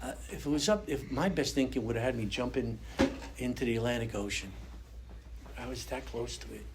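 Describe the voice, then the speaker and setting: A man's voice: medium pitch, a little fast, heavy background noise. An older man giving an earnest, conversational personal testimony at a recovery meeting, speaking to an audience in a meeting room. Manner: earnest, conversational, acts out quoted voices.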